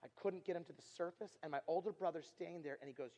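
A middle-aged man giving an earnest storytelling sermon as a youth speaker, repeating himself and dropping from loud to hushed. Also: on the high side, fast talker, muffled recording. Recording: long reverb of a large hall.

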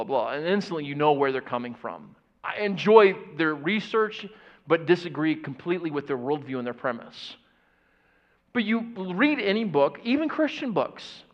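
A fairly high-voiced man preaches a lively sermon, questioning his listeners and slipping into mock voices of confused doubters. The church recording sounds dull and muffled. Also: long reverb tail. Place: church sanctuary.

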